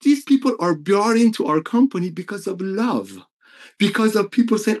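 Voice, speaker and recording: A man who is a company executive, giving an emotional, excitable motivational update and repeating figures for emphasis. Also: high-pitched, normal speed, slightly rough. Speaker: network marketing company executive.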